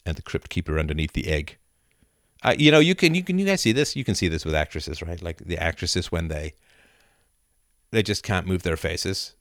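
A middle-aged man hosting a live video chat, reading viewer comments aloud and riffing with animated laughter. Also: low-pitched, normal speed, dry recording, studio quality. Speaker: livestream host answering chat. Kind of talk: casual live-stream chat. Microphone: camera and mic on a live video chat.

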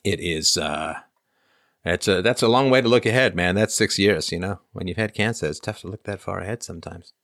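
A man's voice: low-pitched, brisk, fairly bright tone, no echo, studio quality. A middle-aged man from Canada hosting a casual livestream, answering viewer questions with frequent ums and uhs. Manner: conversational, frequent ums and uhs, reads comments aloud. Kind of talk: casual livestream chat reading super chats.

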